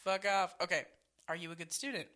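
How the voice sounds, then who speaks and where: A woman's voice: lowish voice, fairly even intonation, a little fast, fairly bright tone. A woman co-hosting a podcast, chatting casually, reading out quiz options, laughing and swearing freely. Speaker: podcast co-host. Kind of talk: casual chat.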